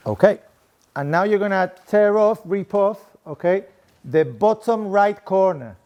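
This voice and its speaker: A man's voice: sits high, lively intonation, unhurried, a little mellow, muffled recording. A middle-aged man with a Spanish accent, a professor giving a playful, interactive talk to a live audience, often checking in with "okay?". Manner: playful, chatty, tags lines with "okay?". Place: room with a seated audience at desks.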